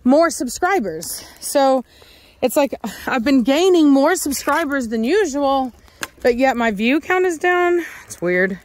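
A woman's voice: sits high, expressive, unhurried. A woman dog breeder with a Texan accent, chatting casually outdoors and cooing baby talk at her dogs.

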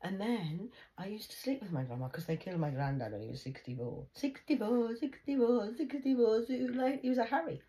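A woman's voice: medium pitch, lively intonation, a little fast, hardly any pauses, warm tone. A woman rambling casually about family memories, chatty and jokey, with frequent swearing. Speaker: vlogger. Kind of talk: rambling personal monologue.

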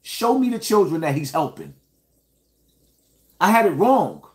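A man with a fairly high voice delivers an indignant commentary rant, speaking straight to his viewers. His talk is emphatic, with pointed rhetorical questions. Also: wildly swooping pitch, measured pace. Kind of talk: ranting reaction commentary.

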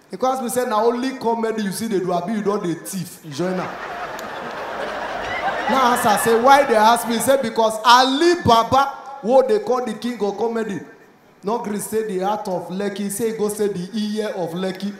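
Here a stand-up comic with a Nigerian accent works a live comedy club crowd, acting out each side of a tale in Pidgin and building to shouts on the punchlines. His pitch is high, and the echoey live recording carries faint audience noise.

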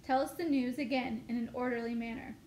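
A woman's voice: on the high side, steady tone, a little fast, a little mellow, lightly acted. A woman reading as a stern, strict father. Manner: clipped, stern, holding back temper. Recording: echoey room, faint noise.

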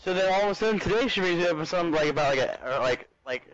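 A man's voice: sits high, lively intonation, rapid-fire, fairly bright tone, lo-fi sound. A young man streaming a game, telling a long story in casual chat, full of "like" and swearing. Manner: rambling storyteller, heavy filler "like", swears freely. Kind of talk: casual chat while gaming.

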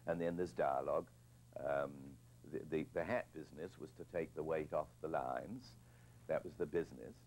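A man's voice: very deep voice, steady tone, normal speed, darkish tone, slight background noise, rough recording. An older man, a film director being interviewed, telling reflective anecdotes with hesitant restarts and repeated words.

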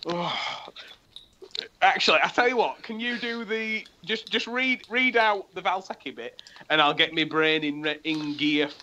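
Giggly man with a high voice. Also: a little slow, sharp tone, dull audio, a little hiss or hum. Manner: giggly, self-mocking, flustered. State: tickly throat, coughing. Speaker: podcast co-host. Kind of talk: casual podcast banter.

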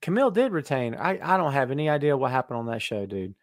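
Brief: middle-aged male host, playful teasing patter, lively high voice, dry close mic. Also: quick pace, no echo. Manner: jokey, teasing, greets viewers by name. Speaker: podcast host. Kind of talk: live-stream wrestling podcast chat. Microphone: webcam live stream.

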